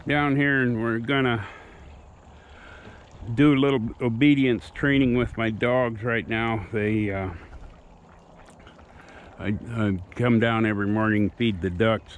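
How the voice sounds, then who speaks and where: A man's voice: lowish voice, a little hiss or hum. A plainspoken, folksy man chatting casually outdoors while working with his dogs. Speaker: dog owner and trainer. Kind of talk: casual vlog chat.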